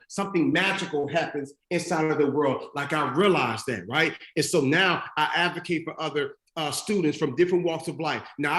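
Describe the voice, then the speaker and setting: A man's voice: on the high side, a bit bright, echoey room. A young man giving a motivational speech to teachers, using a repetitive, preacher-like cadence with rhetorical questions. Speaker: motivational speaker. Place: stadium event space.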